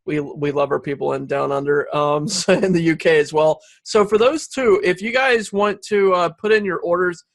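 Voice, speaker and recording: A man hosting a webinar, reading out audience questions in a relaxed, upbeat way. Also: on the high side, normal speed, gravelly, few pauses, no room sound, clean studio sound. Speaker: webinar host.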